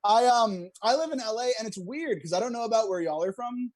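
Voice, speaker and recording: A man's voice: very high voice, animated, brisk, a little mellow, dry recording. A young man doing a stand-up comedy set over a video call, joking at his own expense and laughing at his own lines. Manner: self-deprecating, laughs at own jokes. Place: at home, streamed online.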